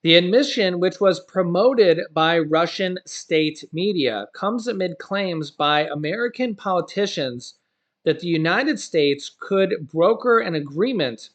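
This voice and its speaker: A man's voice: sits high, a bit bright. A man reading news stories aloud and breaking off into casual, opinionated asides as a channel host. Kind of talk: reading news with personal commentary.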